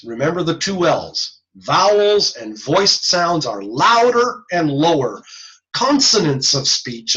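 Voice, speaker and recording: A man giving a recorded lecture on hearing and speech sounds, casual and animated, often demonstrating sounds aloud. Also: a little high, rough recording.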